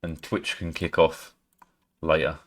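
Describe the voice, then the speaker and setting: A man's voice: very deep voice, flat delivery, slow pace, fairly bright tone. A man from Britain chatting casually on a live stream, swearing often and laughing. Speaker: livestreamer.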